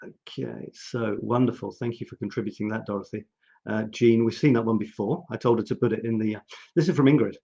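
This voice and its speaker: A man's voice: on the low side, fairly even intonation, fairly quick, creaky, warm tone, dull audio. Chatty man hosting a live stream. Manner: chatty, musing, talks to viewers directly. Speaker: host of a live photography show. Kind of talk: casual live-stream chat.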